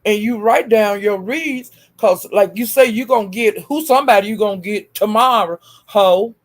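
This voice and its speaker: A woman's voice: mid-range voice, normal speed. A woman ranting in a YouTube commentary, scolding and swearing nonstop with repeated insults. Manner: profane, scolding, repetitive insults.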